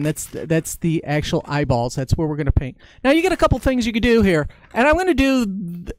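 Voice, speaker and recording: In a live-stream tutorial, a man casually walks viewers through drawing a face on a balloon, chatting through each step as he draws. His voice is high-pitched, with no room sound.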